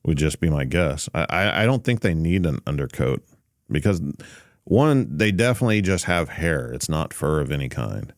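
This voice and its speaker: A man's voice: a bass voice, very animated, normal speed, no echo, clean studio sound. A man hosting a casual podcast, easygoing and thinking aloud with frequent fillers and restarts. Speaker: podcast host.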